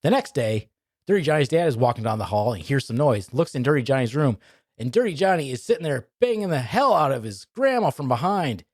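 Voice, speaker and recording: A male comedian on a podcast teasing his co-hosts in a dry, deadpan way. His pitch moves a lot when he gets worked up, and the recording is dry and close. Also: fairly quick, dry recording. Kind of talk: casual comedy podcast banter.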